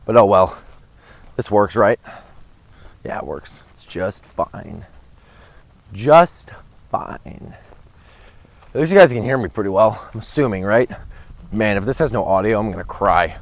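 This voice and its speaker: A man vlogging a round on an outdoor disc golf course, chatting and rambling on a handheld camera, with excited outbursts at his throws. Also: on the low side, moderate pace, long pauses. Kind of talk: casual commentary while playing. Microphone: handheld camera without a gimbal.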